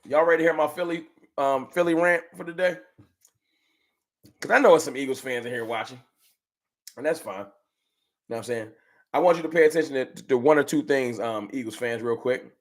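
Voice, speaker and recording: A man hosting a fan livestream, chatting with viewers and ranting with slangy, animated trash talk. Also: mid-range voice, brisk, pauses often. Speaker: sports fan livestream host. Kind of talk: casual livestream chat reading super chats.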